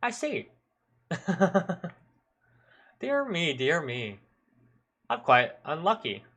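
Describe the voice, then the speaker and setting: A sly, grinning middle-aged detective, smarmy and chuckling, with a high, bright voice as a man puts him on. He talks with loud, needling politeness in a game read aloud. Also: wildly swooping pitch, takes it slowly, exaggerated voice. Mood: smug.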